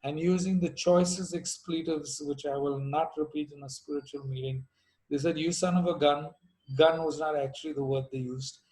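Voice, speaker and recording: A man's voice: fairly high pitch, fairly even intonation, moderate pace, a little mellow, poor audio. A middle-aged man from India telling his recovery story to a meeting, with dry jokes and asides along the way.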